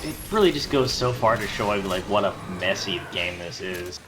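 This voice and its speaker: A man's voice: fairly low pitch, expressive, normal speed, over music. A man in a casual game chat, rambling with many fillers. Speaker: podcast co-host. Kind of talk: casual chat over gameplay.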